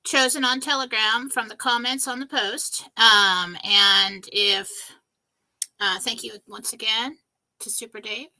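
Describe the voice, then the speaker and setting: A woman's voice: on the high side, steady tone, unhurried, sharp tone, low-quality recording. A woman co-hosting a live stream as a psychic reader, talking breezily with many "um"s and "okay?" tags. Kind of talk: casual live-stream chat.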